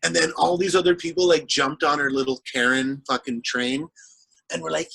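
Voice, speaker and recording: A man's voice: on the high side, lively intonation, moderate pace, vocal fry, pushed and bright, breathy edge, low-quality recording. A man, an actor and comedian, rambling animatedly in a casual interview chat and acting out the people he quotes.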